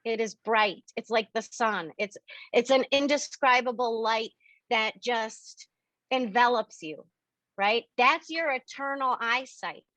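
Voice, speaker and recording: Taking it slowly, a woman with a slightly high, somewhat bright voice hosts a spiritual Q&A for members over a video call. As a medium, she explains chattily and with animation, performing the dialogue she quotes. The recording is dry, with dull, lo-fi video-call sound.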